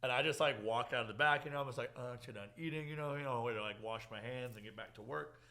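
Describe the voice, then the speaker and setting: A young podcast host with a medium pitch races through a casual chat. He animates his stories by acting out quotes, and he laughs a lot.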